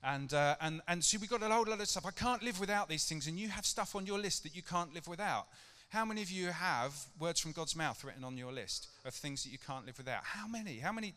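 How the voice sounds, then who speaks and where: Chatty middle-aged preacher in a reverberant hall. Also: male voice, on the high side, animated, fast talker, few pauses, bright, forceful tone. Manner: conversational and chatty, with rhetorical questions to the congregation. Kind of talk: casual sermon to a church congregation. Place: church hall. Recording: long reverb of a church hall.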